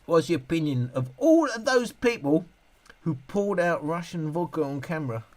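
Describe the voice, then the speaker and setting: Hosting a casual live stream, a middle-aged man reads viewer comments and gives rambling answers packed with restarts and self-interruptions. His voice is fairly high and sing-song, with a darkish tone, at normal speed.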